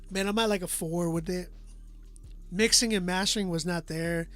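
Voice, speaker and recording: A man's voice: high-pitched, moderate pace, a bit bright, faint music behind. A man reviewing listeners' songs live on a stream. He talks in a loose, slangy way, laughs often and trails off with "like". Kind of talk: casual live-stream chat.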